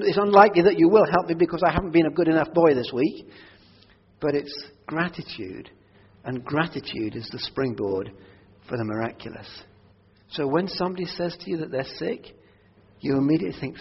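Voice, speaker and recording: Husky guy preaching in a big echoey church, dull muffled sound, goes from soft prayer to loud and emphatic. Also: fairly high pitch, a little fast. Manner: earnest, swings from quiet prayerful asides to loud emphatic declarations. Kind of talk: sermon. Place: church hall. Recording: dull audio with long hall reverb.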